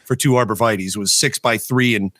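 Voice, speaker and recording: A man's voice: lowish voice, quick pace, sharp tone. A man co-hosting a podcast, telling a long story in casual chat, swearing often and breaking into laughter. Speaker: podcast co-host.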